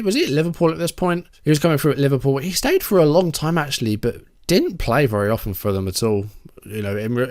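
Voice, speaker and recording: A man talks through a sports management game in a relaxed, chatty way. He thinks out loud and reacts with mild surprise at what he finds. His pitch sits in the middle range for a man. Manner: chatty, musing aloud, easily surprised. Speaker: gaming YouTuber. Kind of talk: casual game commentary.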